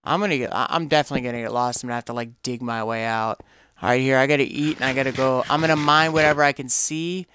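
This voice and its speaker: A man's voice: mid-range voice, fairly even intonation, fast, pushed and bright, smooth, no echo. A man giving casual, rambling commentary over his own gameplay, often searching for words and exclaiming when things go wrong. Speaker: gameplay streamer.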